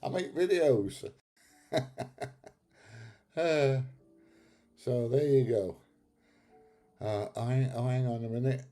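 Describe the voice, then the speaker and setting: A man's voice: medium pitch, takes it slowly, long pauses, dark tone, faint music behind. A man with a Northern English accent hosting a casual livestream, reading out comments in a blunt, chatty way and laughing often. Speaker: livestream host.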